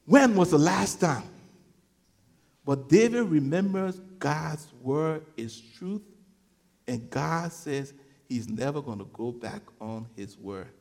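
A man preaching a sermon, swinging between shouted peaks and hushed storytelling, often repeating words as he gathers his thoughts. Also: fairly high pitch, animated, takes it slowly, gravelly. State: sweating. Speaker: pastor. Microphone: clip-on mic.

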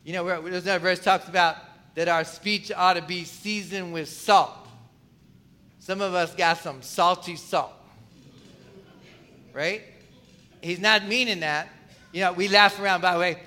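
Guy preaching, pretty high bright voice, chatty, keeps asking the crowd questions. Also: fairly even intonation, measured pace, pauses often. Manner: conversational, asks the congregation questions. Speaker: pastor. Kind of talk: sermon.

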